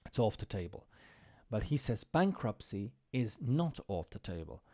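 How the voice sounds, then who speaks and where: Man, English teacher on a live stream, low mellow voice, slow patient explanations, dry close sound. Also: big pitch swings, dry recording. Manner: explains words slowly, repeating and spelling them out; talks to viewers while fumbling with the screen. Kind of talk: casual live-stream lesson reading and explaining news.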